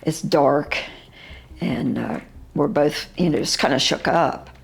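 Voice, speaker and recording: Speaking in a deep voice with vocal fry, an older West Virginian woman describes an encounter she saw with her own eyes. She stops and starts, uses fillers, and still paints a vivid picture.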